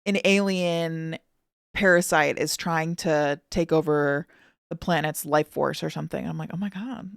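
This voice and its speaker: A woman with a Chicago accent, chatting as a streamer in an excitable, rambling way. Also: deep voice, a little slow, creaky, clear, resonant tone, dry recording, clean studio sound. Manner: excitable, rambling, often laughing. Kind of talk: casual reaction stream chat.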